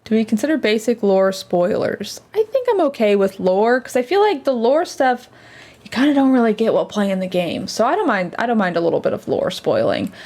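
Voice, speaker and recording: A woman's voice: on the high side, big pitch swings, fairly quick, a little mellow. A woman streamer chatting casually and reacting aloud as she plays a game. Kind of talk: casual let's-play commentary.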